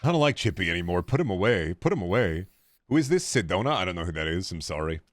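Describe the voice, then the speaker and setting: A man's voice: low-pitched, big pitch swings, quick pace, no room sound, studio quality. A man streaming a game with casual, sarcastic joking commentary.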